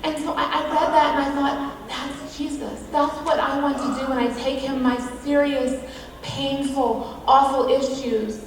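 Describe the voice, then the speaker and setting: Steady and unhurried, a high-pitched woman speaks as the featured guest at a women's event, giving a humorous, chatty devotional with self-deprecating asides. The sound is distant and echoey from a big hall, with slight background noise.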